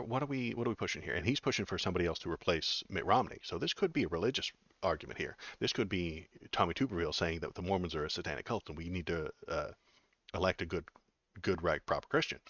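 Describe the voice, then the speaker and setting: A man's voice: sits low, a bit bright, dry recording, highs cut off. A man hosting a casual political live stream, reading news aloud and chatting with his viewers. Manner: chatty, reads news aloud and reacts to chat.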